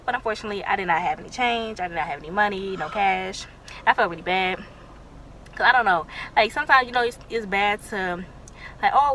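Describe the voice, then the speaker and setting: A woman's voice: medium pitch, fairly bright tone, slight background noise. A young woman talking casually to camera, emotional and close to tears. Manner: emotional, tearful with laughing asides. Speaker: vlogger.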